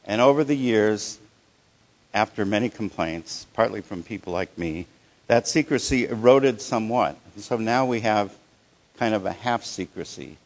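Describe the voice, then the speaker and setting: Male workshop presenter, low-pitched, casual and halting, with frequent restarts and audience check-ins. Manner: halting, many restarts and fillers. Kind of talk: live workshop talk.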